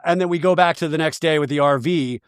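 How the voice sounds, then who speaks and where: A man with a slightly high voice hosts a comedic podcast recap, talking in an animated, wry way. He is recorded very dry and close, with no room sound at all. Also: quick pace, clear, resonant tone, no room sound. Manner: animated, does high-pitched mocking impressions of cast members. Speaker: podcast host recapping a reality show.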